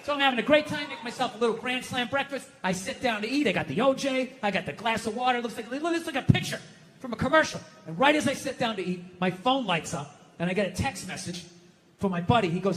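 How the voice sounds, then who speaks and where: Middle-aged guy ranting on stage, cursing and yelling, really high voice, bit of hiss behind. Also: animated, fast. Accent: Boston. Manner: loud, profane ranting with sudden shouts. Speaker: stand-up comedian. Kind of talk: stand-up routine. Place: live comedy venue with audience laughter.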